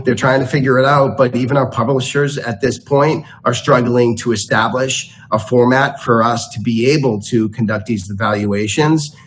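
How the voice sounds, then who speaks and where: A man presenting to a school board, speaking in a measured way with frequent fillers. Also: medium pitch, slight background noise, low-quality recording. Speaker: school district official presenting. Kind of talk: formal presentation at a board meeting.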